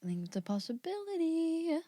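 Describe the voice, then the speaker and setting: A woman co-hosting a podcast, chatting casually and playfully, with quick asides. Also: very high voice, very animated, dark tone, no room sound. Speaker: podcast co-host. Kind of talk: casual chat.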